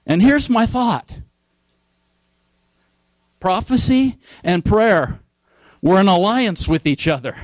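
A man's voice: sits high, very animated, slow, pauses often, no room sound, poor audio. A man preaching a sermon, emphatic, repeating key phrases and asking his listeners questions.

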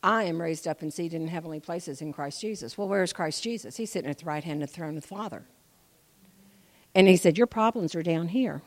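A woman giving an informal church testimony, chatty and animated, moving between quiet asides and loud emphatic preaching. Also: lowish voice, a little fast. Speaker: speaker sharing a testimony.

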